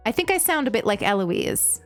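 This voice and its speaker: A woman's voice: a little high, fairly quick, soft background music. A young American woman streaming a game, chatting casually with her chat and telling stories with lots of laughter. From United States. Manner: chatty, giggly, animated storytelling. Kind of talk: casual chat while gaming, reading chat.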